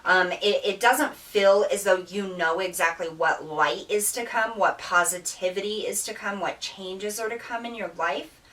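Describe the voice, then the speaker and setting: A woman's voice: mid-range voice, a little slow, few pauses, a bit bright, recorded from a distance, poor audio. A woman giving an earnest, emotional tarot reading, with many fillers and restarts and near tears. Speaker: tarot reader. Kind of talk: spiritual tarot reading monologue.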